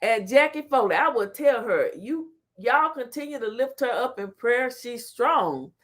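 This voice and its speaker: A woman's voice: on the high side, a little slow. A woman hosting a casual livestream, reading the chat aloud and laughing often. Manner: animated, laughs often, talks back to chat. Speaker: talk show host reading live chat.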